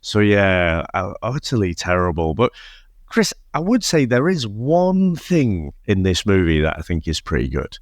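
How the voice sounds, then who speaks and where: Low-voiced British man, mocking banter. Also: wildly swooping pitch, measured pace, dry recording, clean studio sound. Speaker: podcast co-host. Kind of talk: casual film review chat.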